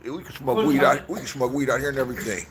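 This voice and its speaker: A man's voice: medium pitch, fairly even intonation, very fast, over a noisy crowd. A man in his sixties from Inglewood, telling rambling, profane stories in a casual vlog and acting out the voices he quotes, recorded outdoors. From Inglewood, Los Angeles, USA. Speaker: YouTuber.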